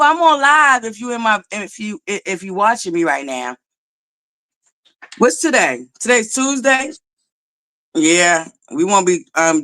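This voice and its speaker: A woman's voice: lowish voice, sharp tone, no room sound. A woman hosting a casual livestream chat, talking straight to her viewers in a sassy, joking way, laughing often. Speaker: livestream host.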